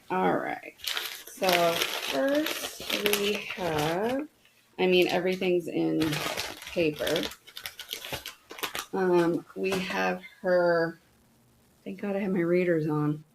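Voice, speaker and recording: A woman's voice: lowish voice, extremely slow, gravelly, long pauses, background noise. A middle-aged woman hosting a casual unboxing chat, talking enthusiastically to her viewers. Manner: chatty, enthusiastic, talks to viewers. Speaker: host reviewing products.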